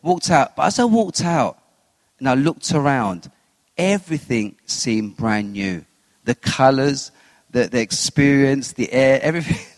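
A man giving a personal faith testimony as an interview guest, telling his story with animated retellings of what he said and thought. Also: mid-range voice, a little slow, dry recording, big-room sound. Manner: animated storyteller who acts out his own quotes.

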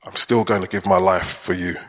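A male preacher quoting Jesus in a soft, tender voice, in a church with long reverb. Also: deep voice, steady tone, brisk. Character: Jesus, gentle forgiving grown man.

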